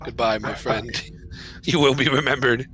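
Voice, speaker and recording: Brief: male player, bright, forceful tone, quick to agree. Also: medium pitch, fairly even intonation, soft background music. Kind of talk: tabletop game chat.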